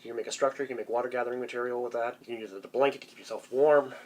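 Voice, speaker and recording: A man's voice: medium pitch, steady tone, very fast. A man co-hosting a podcast, who is pedantic and likes to correct the others. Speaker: podcast co-host. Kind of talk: casual podcast chat.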